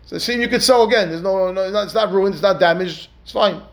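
Speaking quickly in a voice that sits high, a rabbi teaches Talmud. He recites the Aramaic and Hebrew text, explains it piece by piece with rhetorical questions, and keeps pausing to ask "right?".

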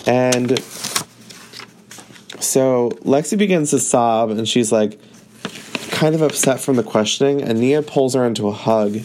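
A man's voice: mid-range voice, measured pace, long pauses, darkish tone, slight background noise. A man casually recapping a TV episode, talking loosely with lots of filler words. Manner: chatty, heavy use of "like". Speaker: show recap host.

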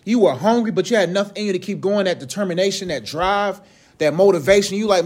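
High-voiced young man preaching casually. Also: animated, fast talker, a little mellow. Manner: slangy, joking, conversational. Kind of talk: casual sermon.

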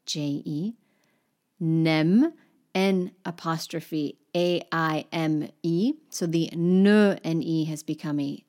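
Woman, french teacher, lower pitch, enthusiastic, spells words out. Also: creaky, a little mellow. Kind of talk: language lesson.

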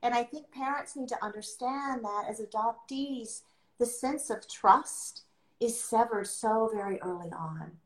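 A woman's voice: fairly high pitch, measured pace. A middle-aged woman, a podcast guest, talking earnestly and emphatically and repeating her key phrases. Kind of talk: heartfelt podcast conversation. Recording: echoey room.

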